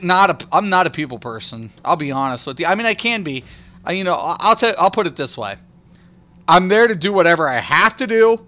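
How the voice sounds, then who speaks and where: A man with a fairly high, sharp voice chats casually on a game stream, rambling and swearing. He laughs a lot and imitates other people's voices while telling stories.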